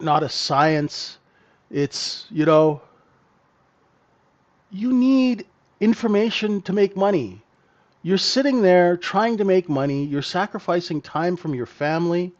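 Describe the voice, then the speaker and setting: A trading mentor teaches live in a trading room, blunt and emphatic, ending sentences with "right?" His voice is high-pitched with a darkish tone, heard through dull lo-fi stream audio.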